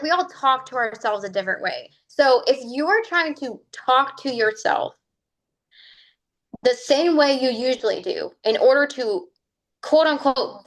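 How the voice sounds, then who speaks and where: A woman's voice: a little high, fairly bright tone. A woman who works as a fitness coach talks casually, filling her speech with "like" and "right?" and acting out inner voices as she explains. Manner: chatty, fills speech with "like" and "right?". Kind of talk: casual livestream talk.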